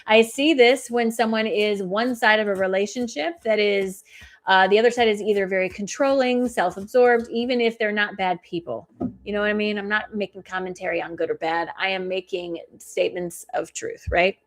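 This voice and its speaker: A woman hosting a live stream, giving spiritual oracle card readings and chatting with viewers in a fast, soothing way. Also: mid-range voice. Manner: talks fast. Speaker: intuitive reader and coach, live stream host.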